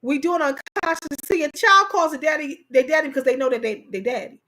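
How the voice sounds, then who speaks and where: A woman's voice: high voice, fast talker, bright, forceful tone. A woman co-hosting a casual chat, telling stories animatedly, repeating phrases for emphasis and talking straight to her audience. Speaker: co-host.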